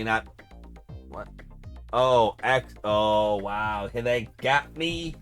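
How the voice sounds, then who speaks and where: A man's voice: on the low side, very slow, long pauses, a bit bright, soft background music. A man streaming a game, reading on-screen text aloud and joking casually, with the odd swear. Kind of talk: casual game playthrough commentary.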